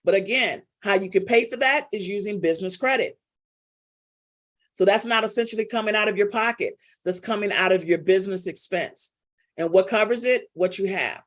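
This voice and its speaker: A woman's voice: medium pitch, moderate pace. A middle-aged woman business coach teaching a live online class, chatty and teasing as she calls on students by name.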